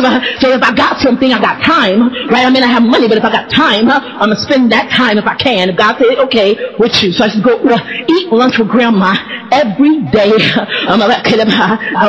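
A woman telling a personal story in a testimony style, laughing often and talking in an animated, emotional way. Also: a little high. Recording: dull echoey hall sound.

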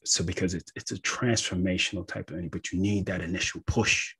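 A man with a low, slightly husky voice talks through his subject in relaxed conversational teaching style. He is animated and keeps checking in with the listener. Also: fast talker. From United States. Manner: conversational, animated, often says "right?". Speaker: astrologer. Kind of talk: casual teaching talk.

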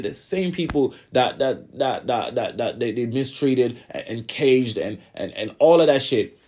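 A young man talks loosely through an anime episode in a casual commentary voice. His speech rambles, full of slang and stuttered repeats. His pitch sits in an ordinary middle range. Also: darkish tone. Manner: rambling, slangy, repeats words and says "you know what I'm saying".

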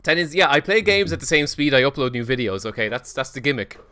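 A man streaming himself playing a video game. He gives casual commentary in an excitable, self-mocking way and swears often. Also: mid-range voice, fast. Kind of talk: casual let's-play commentary.

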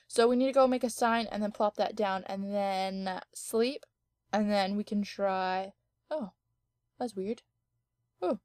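A woman's voice: medium pitch, a little slow, a little mellow, no room sound, studio quality. A young woman giving casual, giggly gameplay commentary from her home office, thinking aloud with lots of ums. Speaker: let's play gamer.

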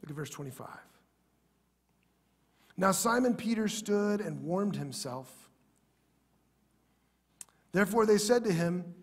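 A man pastor preaching a sermon in a church, earnest, sometimes dropping to a soft, prayerful tone. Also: high-pitched, animated, normal speed, pauses often, slightly rough.

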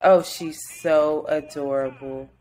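A young woman co-hosting a podcast, chatting casually in an animated, gushing way with frequent laughter. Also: low-pitched, takes it slowly. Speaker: podcast co-host. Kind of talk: casual chat.

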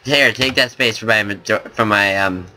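A young man hosting a gaming channel, rambling and joking excitably in casual gameplay commentary. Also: on the low side, normal speed.

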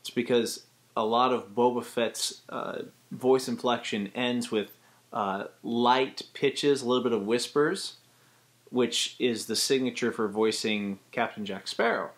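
A man casually teaching a voice acting tutorial, chatty and lively, who breaks into short voice demonstrations as he goes. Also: medium pitch, unhurried.

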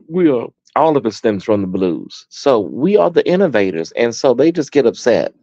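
A sassy, chatty American man hosting a live stream, his pitch swooping up and down as he talks. His voice is dark and mellow, recorded dry and a little dull. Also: big pitch swings, normal speed, no echo. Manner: sassy, chatty, addresses viewers as honey and baby. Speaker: host. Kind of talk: casual live-stream chat.

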